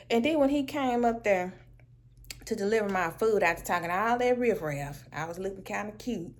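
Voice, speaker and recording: A woman telling a casual storytime vlog at home, animated and sassy, laughing often. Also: medium pitch, normal speed. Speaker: vlogger.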